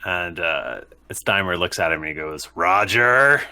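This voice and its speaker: A man running a tabletop game as game master, narrating with many pauses and fillers. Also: deep voice, vocal fry, pushed and bright.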